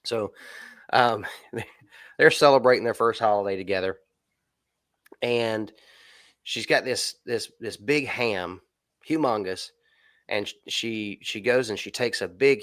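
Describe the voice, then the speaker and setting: A man's voice: lowish voice, fairly bright tone, dry recording, studio quality. Folksy man telling a story. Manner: folksy, rambling storyteller with repeated restarts. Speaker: podcast co-host. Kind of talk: casual storytelling chat.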